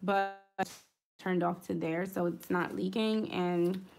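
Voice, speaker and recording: A woman's voice: fairly low pitch, fairly even intonation, slow pace, vocal fry, darkish tone, slight background noise. Chatty woman telling a story while crafting. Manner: chatty, rambling, with fillers and asides. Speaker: planner vlogger.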